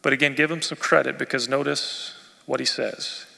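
A male pastor preaching a sermon expressively, rising in force and dropping to near quiet. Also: mid-range voice, little pitch movement, normal speed, vocal fry. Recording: long reverb of a church hall.

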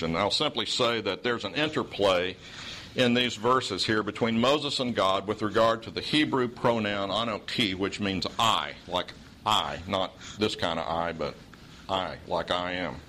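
A man's voice: lowish voice, normal speed, bright, forceful tone, slight background noise, poor audio. A man from Oklahoma with a Southern accent, preaching a sermon in a folksy storytelling way with dry humor.

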